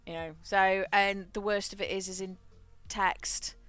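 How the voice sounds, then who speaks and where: A woman's voice: medium pitch, flat delivery, a little slow, a bit bright, clear, resonant tone, dry recording, soft background music. A woman streaming a game, chatting frankly, swearing freely and laughing often. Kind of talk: casual chat while gaming.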